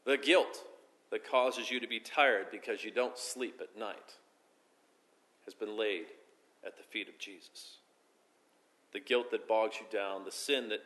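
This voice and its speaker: A pastor delivers a sermon in a bright, forceful male voice. He presses key phrases with emphasis, then lets sentences fall away quietly and slowly. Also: fairly low pitch. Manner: preaching with rising emphasis and soft, slow drops at phrase ends.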